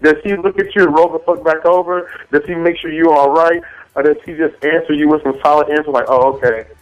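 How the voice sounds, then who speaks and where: A man's voice: fairly high pitch, flat delivery, fast talker, dull audio. A man hosting a casual chat, asking blunt, profane, joking questions.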